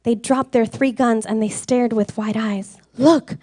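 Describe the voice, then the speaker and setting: A woman reading a rhyming storybook aloud with a rhythmic, expressive sing-song delivery. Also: fairly high pitch, a little slow, dry recording, clean studio sound. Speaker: reader.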